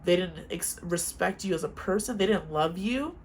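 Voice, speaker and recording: A woman's voice: on the low side, moderate pace, slightly rough. A young woman vlogging casual advice to camera, chatty and frank, telling stories from her own life. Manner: chatty, frank, animated storytelling.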